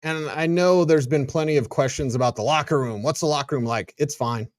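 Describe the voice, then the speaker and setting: A man's voice: a little high, fairly quick, no room sound, clean studio sound. A man hosting a sports radio show, chatty and self-deprecating. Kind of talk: casual sports talk.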